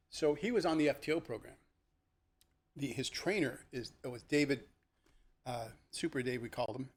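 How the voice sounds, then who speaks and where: An older man, a retired police lieutenant, recounts his cases in a relaxed, conversational way, full of fillers and restarts. His voice sits at an ordinary, middle pitch, and he animatedly acts out the voices of the people in his stories. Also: normal speed, long pauses, slightly rough. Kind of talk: podcast storytelling.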